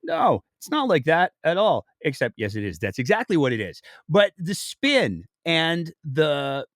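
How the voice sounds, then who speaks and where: Male podcast host, wry and sarcastic commentary, lively delivery. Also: a little high, unhurried, no echo, clean studio sound. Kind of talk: casual commentary.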